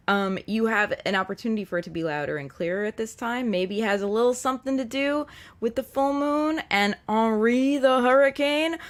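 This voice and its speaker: Low-voiced woman giving gentle tarot advice. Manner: earnest, reflective, gently advising. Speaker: tarot reader and show host. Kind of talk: casual live-stream tarot reading.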